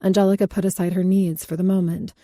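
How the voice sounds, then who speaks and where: Brief: woman audiobook narrator, steady read, low and mellow, dry studio sound. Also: quick pace, no echo.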